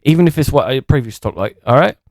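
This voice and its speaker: A man's voice: medium pitch, animated, quick pace, darkish tone, no room sound, clean studio sound, natural voice. A man putting on a British accent as a brash young wrestling fan who swears and calls everyone mate. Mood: defiant. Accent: put-on British.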